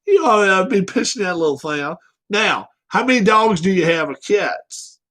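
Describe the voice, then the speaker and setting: A man's voice: high voice, sing-song, moderate pace, pushed and bright. A man hosting a casual livestream, blunt, joking and profane. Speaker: livestream host.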